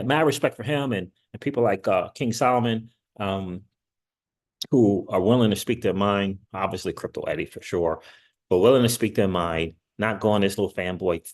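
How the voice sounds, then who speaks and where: Male channel host, casual and rambling, animated with frequent laughs and sudden excited rises in pitch. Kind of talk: casual livestream commentary.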